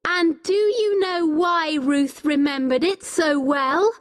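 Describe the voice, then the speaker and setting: A woman voicing a frantic young woman who makes accusations in a high, shrill, pleading voice. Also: slow. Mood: urgent. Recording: long hall reverb.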